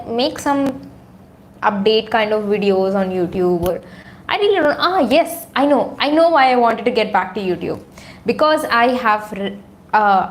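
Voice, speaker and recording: A woman's voice: a little high, slight background noise. A woman from India chatting casually on a livestream from her room, reading out viewers' comments with lots of fillers. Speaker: YouTuber on a livestream. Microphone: phone or camera on a tripod.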